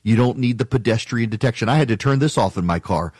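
A man's voice: medium pitch, fast, a little mellow, breathy edge, dry recording. A man hosting a talk radio show, delivering an opinionated monologue in an emphatic, argumentative way and mocking his critics.

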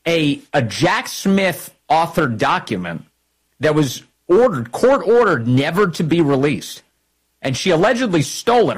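A man's voice: mid-range voice, slightly rough, low-quality recording. A man hosting a political talk show, delivering combative, mocking commentary with sudden bursts of speed.

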